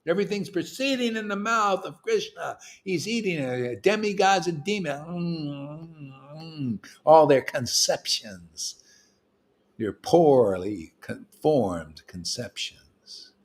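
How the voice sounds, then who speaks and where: A man leading a gathering of devotees, preaching in a loose, slangy, teasing way, with his voice swinging from loud bursts to quiet asides. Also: expressive, slow. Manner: emphatic and slangy, with swings in loudness and pitch; teasing, playful jokes between serious points. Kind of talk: informal preaching to a small group.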